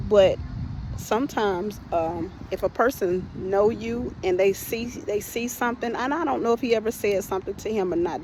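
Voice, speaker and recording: A woman's voice: mid-range voice, mellow, slight background noise, poor audio. A woman hosting a podcast and telling her personal testimony in a conversational way, often speaking to listeners as "y'all" and restarting her sentences.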